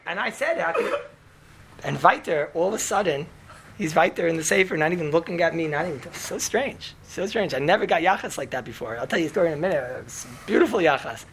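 A man telling a story to an audience in an animated, chatty way, sprinkling in Hebrew and Yiddish words and asking "right?" all the time. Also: on the high side, a little fast, slight background noise.

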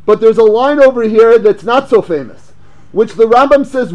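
A man giving a lively Torah lecture, asking rhetorical questions and mixing English with Hebrew and Yiddish terms. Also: extremely high pitch, normal speed, dull audio. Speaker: rabbi teaching Torah class.

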